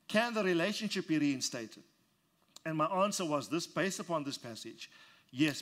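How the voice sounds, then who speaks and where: Male pastor with a somewhat high voice, expounding scripture and leading call-and-response. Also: fairly bright tone. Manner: leads congregation in call-and-response repetition; reads scripture aloud and expounds it verse by verse. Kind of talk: sermon.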